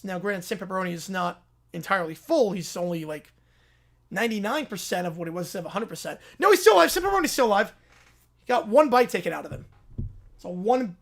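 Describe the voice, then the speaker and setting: A man hosting a livestream, telling an improvised comic story in a chatty way with quick deadpan asides. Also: sits high. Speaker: livestream host.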